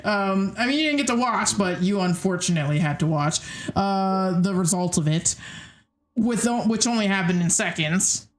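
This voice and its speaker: A woman's voice: medium pitch, animated, moderate pace. A woman narrating a tabletop game as game master, casual and hesitant with many fillers.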